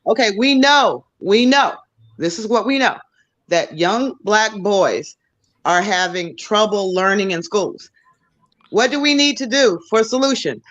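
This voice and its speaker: A woman's voice: medium pitch, lively intonation, unhurried, a bit bright, dull audio. An American woman on a podcast panel, arguing her case and explaining in numbered points. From United States. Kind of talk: heated panel discussion.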